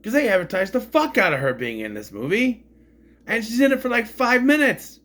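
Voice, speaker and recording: Man, lively swooping pitch, a bit high, rambling, swears a lot, exasperated review. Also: a little fast. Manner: rambling, frank, swears freely, exasperated complaints. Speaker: movie reviewer. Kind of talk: casual spoken film review.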